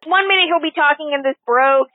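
A high-pitched woman talks about films in a casual, opinionated way and laughs often. Her voice comes through a tinny, phone-like line. The sound is dry, with no room echo. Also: quick pace. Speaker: film discussion co-host. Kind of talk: casual film podcast chat.

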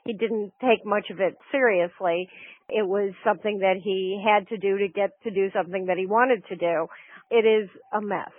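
Measured woman critic on a tinny line. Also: mid-range voice, dry recording. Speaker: film discussion co-host. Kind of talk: casual film podcast chat. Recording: tinny phone-like line, dry.

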